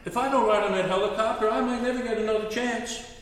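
A man voicing an excitable elderly man who pleads eagerly to ride a helicopter. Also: high voice, fast talker, voice pushed up, lightly acted. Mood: pleading. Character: excitable old man at the fair. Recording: echoey hall, distant mic.

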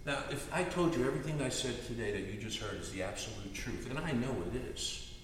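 A male pastor preaching a sermon in an animated, earnest, storytelling manner. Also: mid-range voice, fairly quick, slight background noise. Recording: echoey hall, distant mic.

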